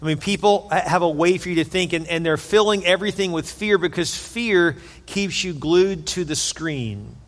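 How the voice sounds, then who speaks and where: A man's voice: sits high, normal speed, hardly any pauses, big-room sound. A man preaching a sermon in an earnest, conversational way, repeating phrases for emphasis. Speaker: pastor.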